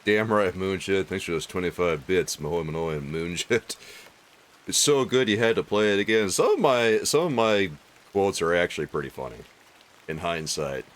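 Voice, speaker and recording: Low-voiced joking gaming streamer. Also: male voice, lively intonation, moderate pace. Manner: joking, crude, chatty with viewers. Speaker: let's play streamer. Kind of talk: casual gaming commentary.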